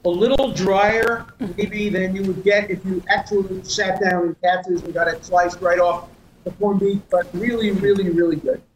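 A man's voice: high-pitched, steady tone, moderate pace, roomy sound, slight background noise, rough recording. An older man telling stories and tasting food as a guest in a casual studio chat, savoring each bite and talking with emphasis. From United States.

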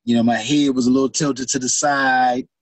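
A man's voice: mid-range voice, level tone, moderate pace, no room sound. A middle-aged man, an actor, telling stories in an interview and acting out his own reactions. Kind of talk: interview storytelling.

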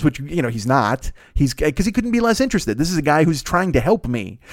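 A man's voice: on the high side, big pitch swings, fairly quick, dry recording, studio quality. A man in his forties hosting a solo podcast, talking in a meandering, profane, self-mocking way from his home desk. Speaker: podcast host. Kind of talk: rambling solo podcast monologue.

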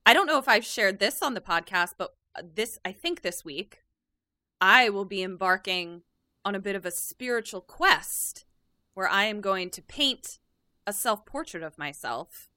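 A woman's voice: medium pitch, animated, measured pace, sharp tone, no echo. A woman co-hosting a comedy podcast, chatting playfully with lots of fillers. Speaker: podcast co-host. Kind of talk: casual chat.

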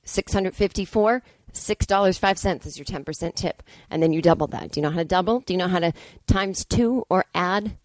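A woman's voice: on the low side, brisk, no room sound. A woman hosting a solo comedic podcast, telling an exasperated story and acting out both sides of the conversation with blunt, profane asides. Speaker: podcast host. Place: indoors, hotel room.

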